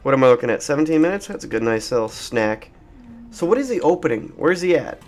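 A man's voice: mid-range voice, expressive, quick pace, darkish tone. Give me an adult man casually commenting on a video game, wandering off into long anecdotes full of swearing and self-deprecating jokes. His voice sits in a middle register and he talks loosely, with restarts and asides. Faint game music plays underneath. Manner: meandering, profane, jokey storytelling. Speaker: let's play host. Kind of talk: rambling gaming commentary.

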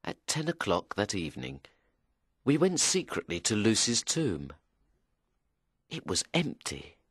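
A man narrating a story in the first person, slow and measured. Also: lowish voice, wildly swooping pitch, a bit bright, husky, no echo, clean studio sound. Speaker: audiobook narrator.

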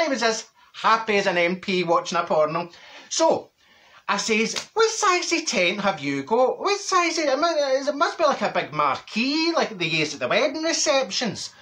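A man's voice: high-pitched, bright, forceful tone, full character voice. A man playing a brash, straight-talking older woman from Glasgow with a Glaswegian accent, rambling through a comic monologue full of asides and cackling laughter. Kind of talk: character comedy monologue.

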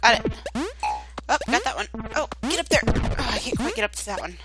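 Excitable high-voiced woman playing a game. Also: normal speed. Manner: excitable, yelps and shouts, swears playfully. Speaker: gaming video host. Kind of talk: let's-play commentary. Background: game music.

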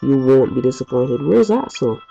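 A man's voice: mid-range voice, big pitch swings, moderate pace, vocal fry, dark tone, slightly rough. A man giving rambling, chatty gameplay commentary as a let's play host from his home basement, with mild swearing. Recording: muffled lo-fi recording over game music.

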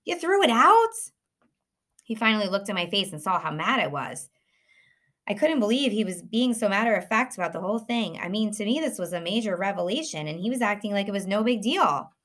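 A woman narrates a first-person story in an earnest, expressive audiobook reading. Her pitch sits in the middle range, and her delivery is steady and storytelling. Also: quick pace.

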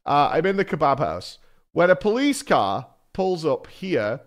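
A man's voice: on the high side, sing-song, measured pace. A British man streaming a game, telling a rambling story with lots of swearing. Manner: rambling, swears often, self-mocking. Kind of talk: casual storytelling while gaming.

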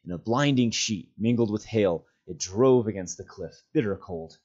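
A man reads a novel aloud in a steady, measured way. His voice sits low. The recording sounds dull and lo-fi. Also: husky. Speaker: volunteer reader.

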